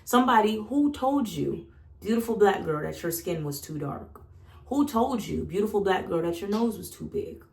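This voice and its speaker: A woman's voice: medium pitch, moderate pace, vocal fry. A young woman from the South, talking bluntly and with lots of swearing in a candid casual monologue. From Southern United States. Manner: blunt, profane, animated. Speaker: vlogger. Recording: echoey room.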